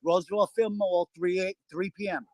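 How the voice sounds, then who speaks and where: A man with a high voice argues in a stubborn, taunting way. He curses freely and will not back down. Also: steady tone, normal speed, darkish tone, no echo. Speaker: caller in a feud.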